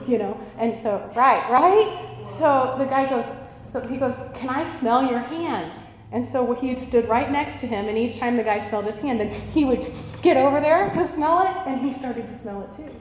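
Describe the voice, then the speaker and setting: A woman preaching a sermon and telling stories, lively and animated, acting out voices as she goes. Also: high-pitched, normal speed, very echoey, in a large hall, a little hiss or hum, low-quality recording. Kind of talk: sermon storytelling.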